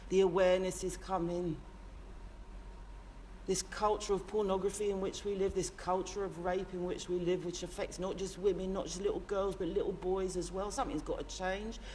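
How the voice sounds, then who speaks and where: A woman with a lowish, mellow voice delivers a lightly acted comic monologue to camera, playing a brash, foul-mouthed working-class London man with a London accent. She speaks at normal speed with little pitch movement, rambling through an impassioned rant. Slight background noise is present.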